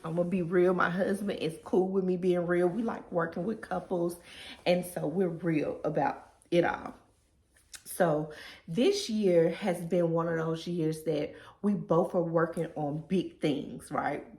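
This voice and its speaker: Woman in her thirties, heartfelt casual vlog talk, lowish voice, echoey room. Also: fairly even intonation, a little slow, darkish tone. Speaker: vlogger. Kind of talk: reflective personal vlog.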